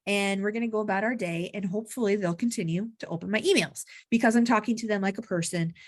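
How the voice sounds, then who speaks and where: A woman's voice: fairly high pitch, fairly bright tone, no echo, studio quality. A woman giving casual marketing advice to camera, chatty and blunt, with frequent asides. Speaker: marketing coach. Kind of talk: casual talking-head vlog advice.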